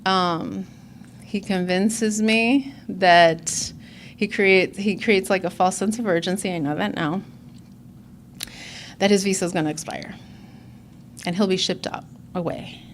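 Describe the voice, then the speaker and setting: A woman's voice: medium pitch, steady tone, a little slow, pauses often, slight background noise. A woman in her forties giving an earnest, candid personal testimony as a speaker at a recovery conference.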